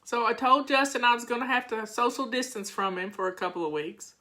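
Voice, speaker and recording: Fairly quick, with a pushed, bright voice on the high side, an older woman holds a casual live chat with her viewers. She vlogs about home organizing and talks in a chatty, folksy way, answering comments.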